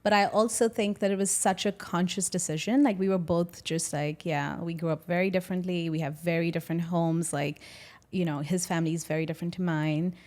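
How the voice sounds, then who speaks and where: A woman's voice: on the low side, steady tone, a little fast, a little mellow. A woman on a podcast talking openly and reflectively about a breakup, her sentences loose and full of "like" and "you know". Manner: open, reflective, fills speech with "like". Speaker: podcast co-host. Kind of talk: candid casual chat.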